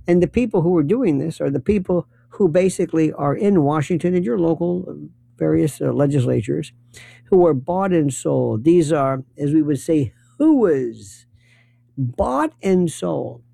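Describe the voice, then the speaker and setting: A man's voice: a little high, lively intonation, unhurried, creaky, warm tone, no echo. A man giving a sarcastic commentary monologue, acting out the voices of the people he quotes.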